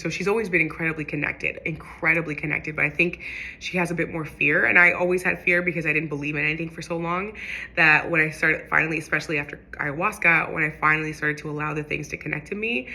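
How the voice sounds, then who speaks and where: A young woman tells a rambling personal story, piling on fillers and restarts as she goes. Her voice sits a bit low but comes out bright and forward, with plenty of gravelly fry. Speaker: spiritual vlogger. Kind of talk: casual storytelling monologue.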